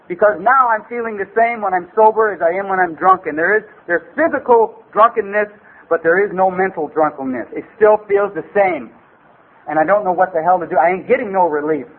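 Fairly high-voiced guy telling his story at a recovery meeting, streetwise, rambles, says you know constantly, tinny old tape with a bit of hiss. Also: animated, brisk, husky.

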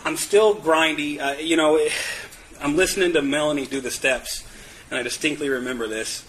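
Bright-voiced man telling his recovery story. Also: on the high side, steady tone, moderate pace, slight background noise, low-quality recording. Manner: candid, self-mocking, laughs often; repeats and restarts words. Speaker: speaker sharing recovery story. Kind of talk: personal testimony at a meeting.

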